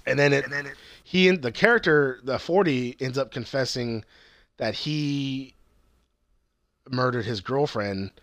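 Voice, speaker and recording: A young man tells a TV plot in a loose, rambling way. He swears freely and acts out the characters' lines. His voice sits at an ordinary pitch, and the sound is dry with no room echo. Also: a little slow, a bit bright. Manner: rambling, profane, acts out quotes. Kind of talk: casual chat recapping a TV series.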